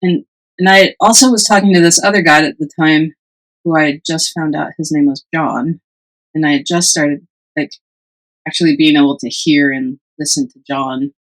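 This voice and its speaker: Animated woman telling a personal story. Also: deep voice, normal speed, poor audio. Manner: animated, acts out quoted voices, laughs often. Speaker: podcast co-host. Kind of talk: casual storytelling chat.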